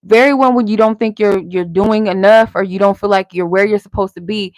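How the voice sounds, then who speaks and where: A woman's voice: medium pitch, fairly even intonation, a little fast, a little mellow, no echo. A woman hosting a live tarot stream, giving casual spiritual guidance in a candid, encouraging way with some swearing. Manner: candid, conversational, salted with swearing; encouraging, motivational.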